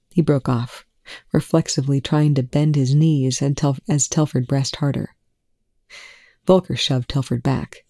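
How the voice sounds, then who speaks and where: A story reader narrating fan fiction at a steady, measured pace. The voice is mellow and dark. The recording is close and dry with no room sound. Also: mid-range voice, creaky, no room sound. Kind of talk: audiobook-style fan fiction reading.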